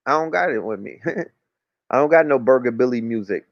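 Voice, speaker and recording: A man's voice: mid-range voice, expressive, moderate pace, dry recording. A man, talking as a podcast guest in a rambling, casual way, full of street slang and cursing. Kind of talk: casual chat. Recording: dull, dry lo-fi recording.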